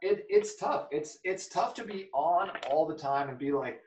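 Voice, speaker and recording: A man's voice: a little high, animated, normal speed, a little mellow, recorded from a distance, slight background noise. Rambling podcast man in an echoey room. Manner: casual, rambling, lots of "okay" and "like". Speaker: podcast host. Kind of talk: solo podcast talk.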